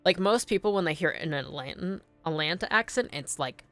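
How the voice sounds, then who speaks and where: A woman's voice: deep voice, lively intonation, a little fast, gravelly, hardly any pauses, fairly bright tone, faint music behind. A young woman streaming a video game, chatting casually, thinking aloud and answering her chat. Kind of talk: casual gameplay commentary.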